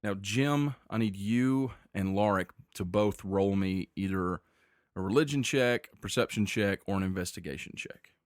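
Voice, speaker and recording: Deep-voiced man running a tabletop game. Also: no echo, clean studio sound. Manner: descriptive, measured storytelling with frequent restarts. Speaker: game master.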